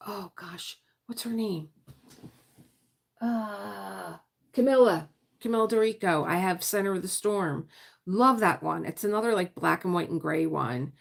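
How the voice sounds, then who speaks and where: A woman's voice: lowish voice, creaky. A middle-aged woman hosting a casual diamond painting livestream, chatty and rambling, often trailing off to search for words. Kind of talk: casual live-stream chat.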